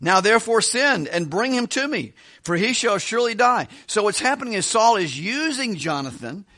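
A man's voice: sits high, very animated, moderate pace, sharp tone. A man teaching through a Bible passage verse by verse, talking conversationally with rhetorical questions and frequent restarts. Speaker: preacher.

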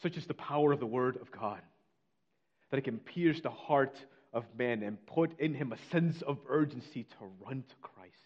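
A man preaching a sermon, reading scripture slowly and telling a story with earnest feeling. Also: mid-range voice, husky, muffled recording. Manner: earnest preaching, slows on scripture, drops to near whisper. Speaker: pastor.

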